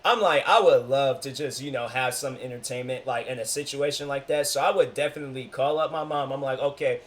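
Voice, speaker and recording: A man hosting a reaction video, talking in an animated, rambling way and acting out quotes. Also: mid-range voice, brisk. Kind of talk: casual reaction commentary.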